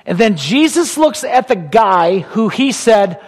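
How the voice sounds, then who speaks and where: A man preaching a sermon as pastor. He talks emphatically, repeats key phrases, and swings from loud declarations to hushed, intimate asides. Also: high-pitched, sing-song, takes it slowly, few pauses, slightly rough, big-room sound.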